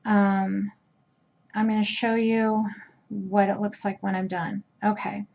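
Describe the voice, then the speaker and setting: A woman in a relaxed crochet tutorial explains each step as she works, often pausing with fillers and restarting her sentences. Her voice sits at an ordinary middle pitch. The sound is a bit dull and lo-fi, like a simple home camera recording. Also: gravelly, a little hiss or hum. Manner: chatty, hesitant with fillers and restarts. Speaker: crochet instructor.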